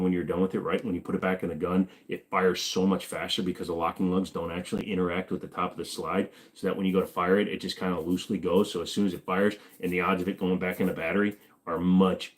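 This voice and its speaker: A man hosts a casual livestream chat in a low voice. He reads the chat and answers viewers in a loose, joking way. His dry sarcasm often breaks into sudden high exclamations. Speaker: livestream host.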